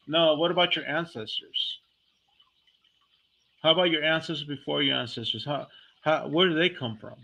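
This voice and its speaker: A man's voice: fairly high pitch, moderate pace, gravelly, pauses often, sharp tone. A man delivering a heated, blunt, profane monologue as a vlogger, talking casually and speaking his mind. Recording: dull lo-fi recording.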